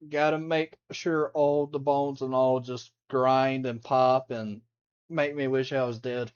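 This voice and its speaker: A man's voice: mid-range voice, clean tone, highs cut off. A man chatting casually on a live stream while reacting to videos, rambling, laughing and humming along.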